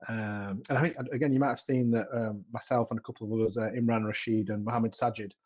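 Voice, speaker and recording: A man's voice: fairly low pitch, fairly even intonation, fast, darkish tone, muffled recording. A man with a Yorkshire accent chatting casually on a podcast about starting out making tech videos, often restarting his sentences. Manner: chatty, frequent restarts and repeated words. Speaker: podcaster and tech content creator.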